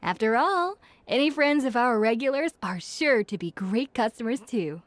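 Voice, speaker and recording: A woman's voice: on the high side, animated, moderate pace, no echo, close to an everyday voice. An actress voicing a friendly, chatty young female tavern keeper who talks politely and likes to gossip. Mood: friendly, gossipy. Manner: polite, gossipy, warm to customers.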